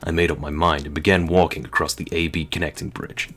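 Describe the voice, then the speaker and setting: A man reading a video game's first-person text as a gruff male soldier, in a dry narrating manner. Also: rumbling low, little pitch movement, fast talker, a bit bright.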